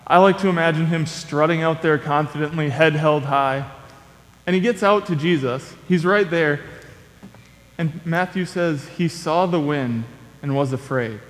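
A man's voice: on the high side, a little slow. A young man giving a sermon in a conversational, storytelling manner. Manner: conversational storytelling with playful acted quotes. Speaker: preacher. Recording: long echoey reverb of a large hall.

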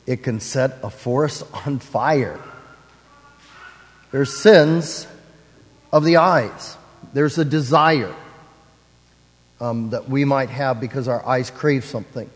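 Slow-speaking preacher in reverberant hall. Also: male voice, medium pitch. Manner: measured preaching with slow deliberate phrasing. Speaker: pastor. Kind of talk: sermon.

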